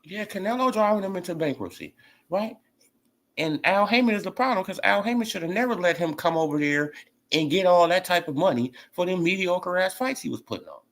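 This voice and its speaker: Animated man ranting in slang. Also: a little fast. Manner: animated, swings from shouting to low mumbling, slangy. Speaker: boxing commentary channel host. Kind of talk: casual ranting commentary.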